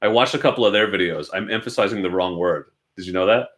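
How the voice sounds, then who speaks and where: Man, low voice, young adult, casual livestream chat, rambling, self-deprecating, home garage. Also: animated, quick pace, few pauses, fairly bright tone. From Oregon, United States. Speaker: motorcycle channel host. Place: cluttered home garage with motorcycles.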